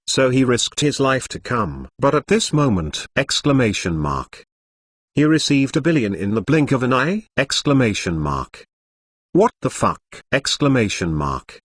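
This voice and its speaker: A man's voice: medium pitch, no echo. A computer-voiced man narrating a web novel, reading out punctuation marks in stilted phrasing. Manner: reads punctuation marks aloud.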